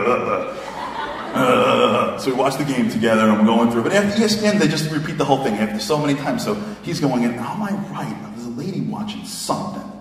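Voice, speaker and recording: Animated male lecturer in an echoey hall. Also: mid-range voice, far from the mic. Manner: emotional, self-mocking, lots of "like" fillers. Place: synagogue hall.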